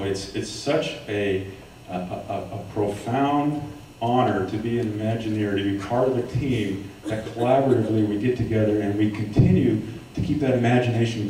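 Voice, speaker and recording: A man answering on a convention panel, earnest and halting with many restarts. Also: lowish voice, dark tone, a little hiss or hum. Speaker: panel guest, imagineer. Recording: very echoey hall, far from mic.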